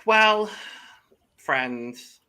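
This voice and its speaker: A man's voice: on the high side, lively intonation, very slow, background noise. A man hosting a casual podcast panel, bubbly and dramatic, saying he is very caffeinated. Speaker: podcast host.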